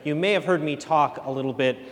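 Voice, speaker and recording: Male pastor, slightly high voice, casual storytelling sermon with ums, long church reverb. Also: brisk. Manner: conversational storytelling with fillers.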